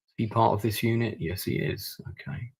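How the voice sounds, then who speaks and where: A man's voice: lowish voice, steady tone, fairly quick, creaky, darkish tone, slightly rough. A man streaming a strategy war game, thinking aloud and muttering over his moves as he plays. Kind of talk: live-stream gameplay commentary.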